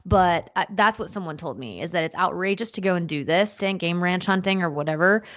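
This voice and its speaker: A young woman co-hosting a podcast, chatting casually and laughing easily as she talks in quick bursts. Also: on the low side. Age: young adult. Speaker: podcast co-host. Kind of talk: casual chat.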